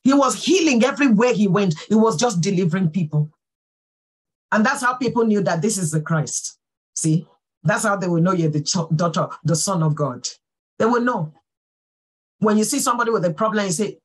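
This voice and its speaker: A woman pastor giving a sermon, fervent and full of praise exclamations, swinging from soft talk to calling out. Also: medium pitch, expressive, normal speed, slightly rough, rough recording.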